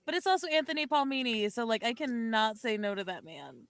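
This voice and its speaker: A woman's voice: on the high side, lively intonation, a little fast, no echo. A young woman co-hosting a podcast, chatting casually in a rambling, giggly way and correcting herself often. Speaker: podcast co-host. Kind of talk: casual chat.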